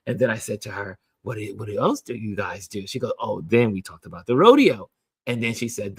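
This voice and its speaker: Husky, lively-voiced male host telling a story. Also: fairly low pitch, a little fast, no echo. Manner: animated storyteller, acting out both sides of a conversation; chatty, with many restarts and repeated "I said". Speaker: game night host. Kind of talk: casual storytelling to a livestream community.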